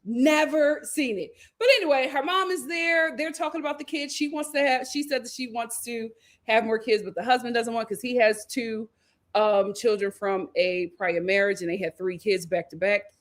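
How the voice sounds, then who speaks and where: A young woman hosts a live reality show recap. Her voice sits high, and her delivery is animated, chatty and full of slang asides. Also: normal speed. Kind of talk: casual live stream chat.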